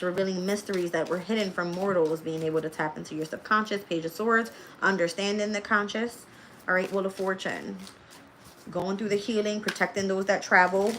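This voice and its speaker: A woman reads tarot on a casual live stream and talks straight to her viewers. She speaks loosely with slang, laughs often and swears freely. A faint noise sits under her voice. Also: on the low side.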